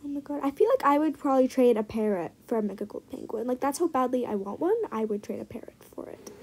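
Excitable high-voiced young gamer woman. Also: fast talker, breathy edge, rough recording. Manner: chatty, excitable, drops to muttered asides. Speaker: gaming vlogger. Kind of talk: casual gameplay commentary.

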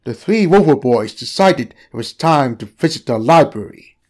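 A man reading a story aloud as narrator, in an expressive storytelling manner. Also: medium pitch, moderate pace. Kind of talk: scripted narration.

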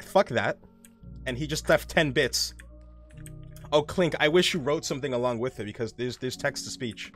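A man's voice: mid-range voice, fairly bright tone. A young man streaming a game live, rambling casually, reading chat aloud and swearing often.

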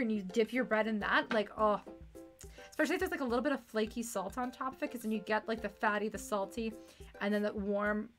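A woman's voice: fairly high pitch, sharp tone. A young woman streaming a game, chatting casually and reading its text aloud, playful and fond of puns, rambling about food.

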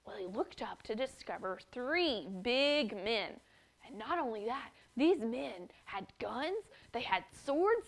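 A woman tells a story to a children's church class, often turning to ask the boys and girls questions. Her voice sits a little high and stays animated. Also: normal speed. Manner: animated, addresses children directly.

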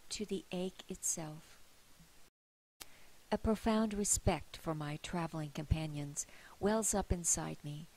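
Low-voiced woman reading her memoir softly. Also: low-quality recording. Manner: quiet, hushed storytelling, often near a whisper. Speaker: author reading her own story.

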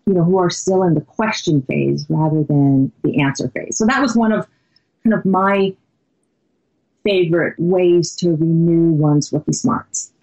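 A woman's voice: fairly low pitch, a little slow, dull audio. A woman guest on a podcast, telling a story animatedly and conversationally. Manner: animated, many "you know" fillers.

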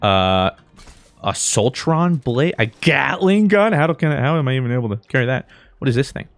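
A man doing let's play commentary, excitable and jokey, switching between mumbled asides and high-pitched yelps. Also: moderate pace, no echo. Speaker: gaming YouTuber.

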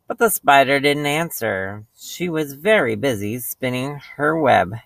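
A male teacher reading a picture book aloud to young children, slow and expressive, with playful voices for the animals. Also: medium pitch, vocal fry, dry recording.

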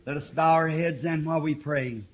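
A man in his fifties preaching a fiery sermon, impassioned and now and then breaking into shouts. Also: a little high, steady tone, normal speed. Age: 50s. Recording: dull lo-fi old tape recording.

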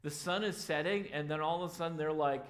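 In a church sanctuary, a man with a slightly high voice preaches at a fairly quick pace. As pastor, he tells the story in a casual way and does the voices of the characters.

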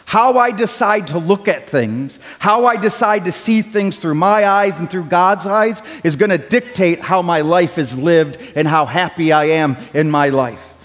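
Male pastor, conversational sermon delivery with loud dramatic peaks, high voice, echoing church hall. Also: a little slow, few pauses. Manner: conversational preaching, rising to loud when acting out cries. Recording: long hall reverb.

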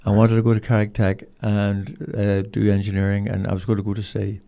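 A man's voice: lowish voice, monotone, fairly quick, gravelly, mellow. An older man, a podcast guest telling rambling, colloquial stories in a casual interview. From Cork, Ireland.

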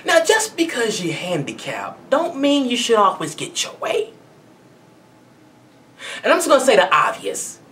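A woman rants straight to camera in a blunt, conversational way, her fairly high voice swinging widely up and down as she makes her points. Her delivery is animated and opinionated. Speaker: video blogger. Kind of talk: commentary rant to camera.

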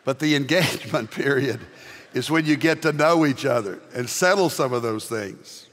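An older man from the American South with a Southern accent, preaching a sermon as pastor with homespun humor and loud, emphatic rises. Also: medium pitch, normal speed. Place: large church sanctuary. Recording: long reverb of a large church.

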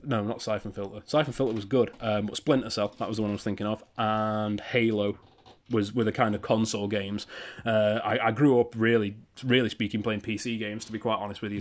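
A man in his thirties from the UK, casually rambling through a sales roundup for his channel with self-deprecating asides. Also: lowish voice. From United Kingdom. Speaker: eBay reseller vlogger.

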